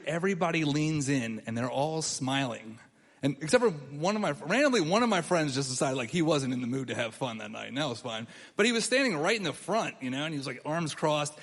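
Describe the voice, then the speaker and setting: A young man telling a long story in stand-up, animated, laughing at his own jokes and putting on voices of other people. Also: fairly high pitch, in a large hall. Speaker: comedian. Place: comedy club stage before a laughing audience.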